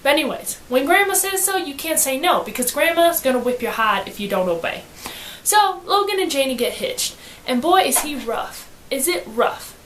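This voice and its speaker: Young woman vlogger, playful book recap; high, bright voice with a roomy echo. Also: sing-song, moderate pace, slight background noise. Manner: playful and slangy. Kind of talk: casual book review. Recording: echoey room.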